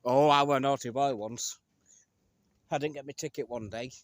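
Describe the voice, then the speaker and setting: A man's voice: medium pitch, fairly even intonation, normal speed. A man from England chatting and joking to the camera as he walks through town streets. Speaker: vlogger. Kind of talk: casual walking vlog narration.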